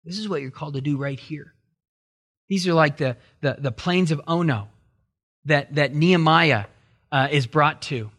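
A man preaching a Bible sermon with a bright, forceful voice. He teaches conversationally and swings into loud, high-pitched bursts when he acts out inner arguments. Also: normal speed. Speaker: pastor.

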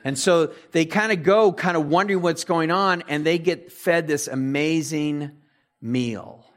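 Guy teaching a bible chapter, kinda high voice, chatty, acts out the characters loosely. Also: unhurried, fairly bright tone. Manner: conversational, paraphrases characters in everyday speech. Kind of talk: casual sermon retelling scripture.

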